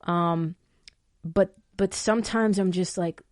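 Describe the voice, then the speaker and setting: A woman talks straight into a close microphone, her voice on the low side and dry with no room sound. She gives listeners frank advice and swears freely. When she gets fired up, she repeats words. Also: fairly even intonation, takes it slowly, a little mellow, dry recording. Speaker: podcast host answering listener questions. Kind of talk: casual advice talk.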